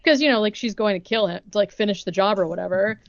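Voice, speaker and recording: A woman's voice: mid-range voice, quick pace, gravelly, no room sound, dull audio. A young woman co-hosting a podcast, retelling a movie plot in casual chat, full of "like" and acted-out quotes. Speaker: podcast co-host recapping a movie.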